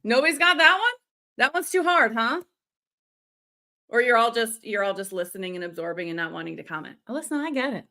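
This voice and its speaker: Animated woman coaching storytelling live. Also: high-pitched. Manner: animated, demonstrates voices and reads out comments. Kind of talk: live-streamed training.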